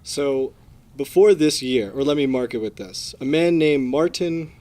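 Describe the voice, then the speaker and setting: A young man co-hosting a casual podcast, explaining in a relaxed, easygoing way. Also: fairly high pitch, measured pace. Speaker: podcast co-host.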